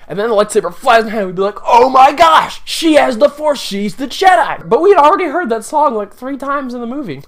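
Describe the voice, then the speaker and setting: A man giving a casual, opinionated movie review, ranting with sarcasm as he picks apart scenes. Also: high voice. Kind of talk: casual spoiler review rant.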